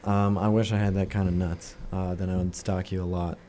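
Low-voiced joking man rambling casually. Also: flat delivery, brisk, warm tone, slight background noise. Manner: rambling, joking, playfully defensive. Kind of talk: casual chat.

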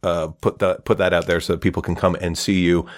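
Podcast host, male, very low voice, loose rambling joke delivery with lots of fillers. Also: little pitch movement, fast. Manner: rambling storyteller, many fillers and restarts. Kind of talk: casual joke telling.

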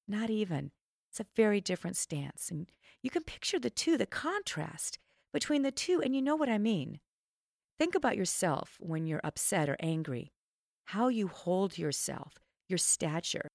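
A woman's voice: no room sound, studio quality. Emphatic woman host, punchy coaching tone. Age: middle-aged. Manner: emphatic, animated coaching tone with sudden high swoops. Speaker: podcast host and trainer. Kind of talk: self-help podcast monologue.

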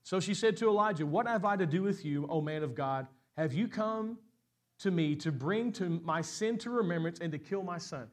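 A middle-aged man preaching a sermon as pastor, rising to loud, high peaks and often repeating words as he restarts a phrase. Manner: repeats and restarts words when speaking fast.

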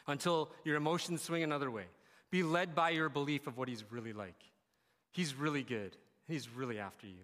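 A man's voice: a little high, a little fast, a bit bright. A man preaching a sermon, telling a personal story in a candid, conversational way that turns emotional. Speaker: pastor. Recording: long hall reverb.

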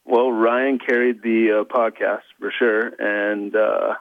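A man with a lowish voice calls in to a casual chat show. He talks in a halting way, full of fillers and restarts. The line is muffled and lo-fi, and the sound is dry and close. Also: little pitch movement, dry recording. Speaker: caller.

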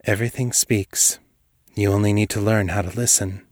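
A wise, gentle male elf speaks gently and clearly, his low voice carrying quiet power, put on by a man reading a story. The sound is dry and close. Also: steady tone, moderate pace, no echo, close to an everyday voice. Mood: weary.

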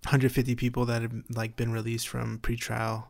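A man chatting casually, halting and hesitant with many fillers, swearing casually. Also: mid-range voice, completely flat delivery, vocal fry, no echo. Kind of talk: casual chat.

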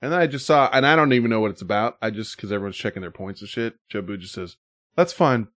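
A man's voice: lowish voice, racing, fairly bright tone. A man hosting a casual chat, telling stories animatedly and laughing often.

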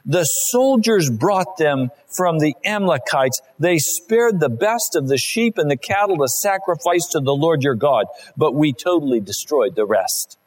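A preacher voicing a defensive, self-assured male king who makes excuses, pitched high and flippant during a sermon. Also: lively intonation, measured pace, few pauses, poor audio.

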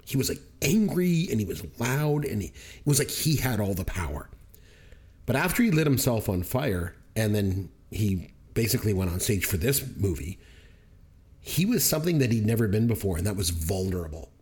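A man's voice: lowish voice, sing-song, moderate pace, darkish tone. A man co-hosting a podcast, telling stories in an emphatic, enthusiastic way. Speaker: podcast co-host. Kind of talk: casual podcast chat.

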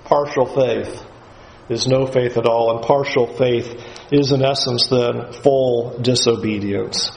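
A man's voice: mid-range voice, steady tone, takes it slowly, gravelly, reverberant, low-quality recording. A man giving a Bible lesson in an emphatic way, often acting out the voices he quotes. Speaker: Bible teacher.

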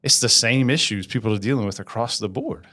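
A man chats as an interview guest, energetic and conversational. He keeps asking for agreement as he talks. His voice sits in the middle of the male range. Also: mid-range voice, brisk, slightly rough. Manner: energetic, asks for agreement with frequent "right?". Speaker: business implementer, guest. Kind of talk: casual interview chat.

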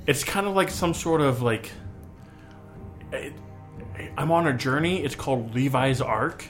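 A man's voice: medium pitch, measured pace, pauses often, a bit bright, soft background music. A man chatting and joking as a player in a tabletop game, laughing often.

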